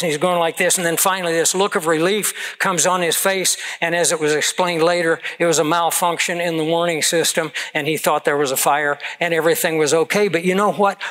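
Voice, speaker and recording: A man's voice: a little high, fairly bright tone, low-quality recording. Older man preaching with conversational storytelling. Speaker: pastor. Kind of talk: sermon.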